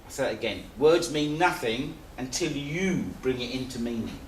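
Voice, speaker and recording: A man teaches a live seminar in a loose, conversational style, restating his points, repeating himself and restarting phrases. His medium-pitched, expressive voice moves at a moderate pace, captured from across an echoey room with a faint hiss underneath.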